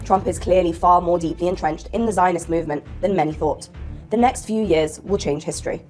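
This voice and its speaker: A woman with a fairly low voice reads scripted news at a fast clip. Faint music runs beneath her crisp, even narration.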